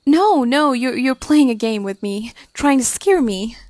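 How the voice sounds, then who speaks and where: A woman's voice: high voice, animated, a little slow, dry recording. A woman voicing a stammering, frightened young woman. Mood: uneasy. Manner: stammering, rising and insistent. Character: young woman alone at night, growing scared.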